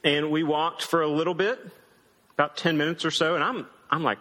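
Bright-voiced man preaching in a hall. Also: a little high, steady tone, fairly quick. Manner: casual, joking storytelling. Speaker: pastor. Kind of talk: sermon.

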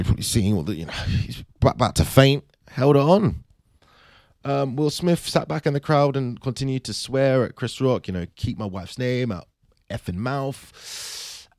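A man vlogging, telling his theory in a chatty, animated way with many fillers. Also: medium pitch, dry recording, clean studio sound. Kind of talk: casual commentary monologue.

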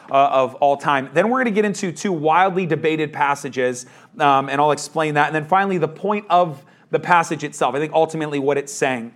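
A man's voice: fairly high pitch, a bit bright. A man preaching a verse-by-verse sermon as pastor, in a casual, conversational manner.

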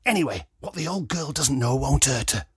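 A blunt, brisk carpet fitter who never minces words, played by a man reading aloud. His delivery is mocking and matter-of-fact, with husky edges. The recording is close and dry. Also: mid-range voice, lively intonation, no room sound.

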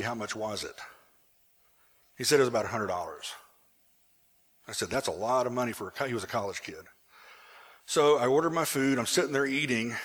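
A male pastor telling a personal story in a sermon, animated at times and hushed in the emotional moments. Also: medium pitch.

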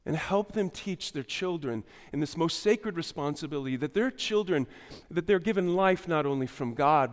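Male pastor preaching a sermon, fairly high voice, lively intonation, long hall reverb. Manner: animated preaching with swings between loud emphasis and quiet asides.

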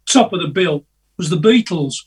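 This older guest musician rambles through anecdotes in a casual video interview, chatty and hesitant, often chuckling at himself. His voice is fairly high and husky, animated, at a moderate pace, and picked up a little distant from the mic.

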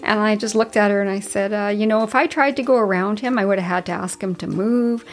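Woman, late fifties, chatty and sincere podcast host, mid-range voice, quiet music under her. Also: medium pitch, brisk. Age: 50s. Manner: chatty, earnest, gently advising. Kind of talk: reflective solo storytelling.

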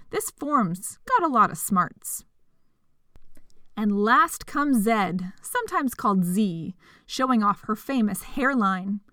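Slow, bright-voiced woman reading rhymes. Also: mid-range voice, dry recording, studio quality. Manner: playful and expressive, with whispered asides. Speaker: storyteller. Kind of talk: rhyming storybook read-aloud.

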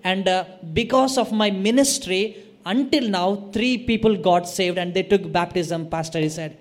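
A man's voice: high voice, moderate pace. A man retelling a testimony story, hesitant and full of fillers. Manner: hesitant, full of "uh" and "you know".

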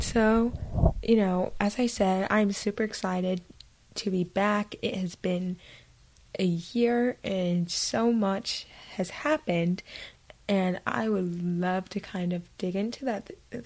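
A woman's voice: mid-range voice, darkish tone, poor audio. A young woman hosting her own podcast in a chatty, self-mocking way, with lots of fillers. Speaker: podcast host. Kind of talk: casual solo podcast chat.

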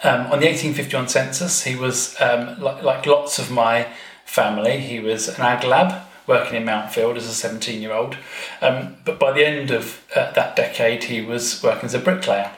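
A man's voice: medium pitch, fairly even intonation, normal speed, fairly bright tone. A man guesting on a podcast, telling a family-history story in a chatty way, with frequent ums and wry asides. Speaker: guest author. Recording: roomy echo.

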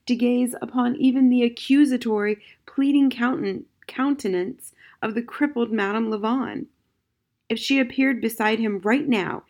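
A woman narrating a children's novel as an audiobook, in a gentle, measured way. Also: medium pitch. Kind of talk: scripted storybook narration.

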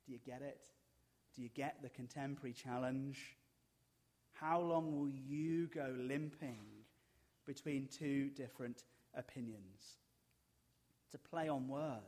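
A man preaching a sermon, animated and wryly humorous, hammering points home with repetition. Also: mid-range voice, measured pace, long pauses.

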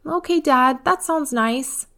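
A woman voicing a young girl, high and slow, emphatic like a small child. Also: animated, a bit bright, heavily acted. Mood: reluctant. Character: young girl, earnest and emotional.

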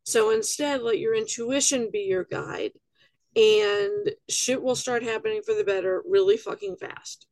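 A woman's voice: mid-range voice, measured pace, a little mellow, no echo, low-quality recording. A woman hosting a tarot podcast, talking in a blunt, chatty way and swearing freely. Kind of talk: casual spoken reading.

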